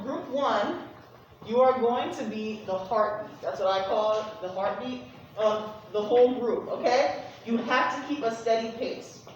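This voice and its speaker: A woman music teacher leading a class through a rhythm exercise, counting off beats and cheering the students on. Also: on the high side. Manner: counts off beats, upbeat and encouraging. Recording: echoey room from far off, noisy.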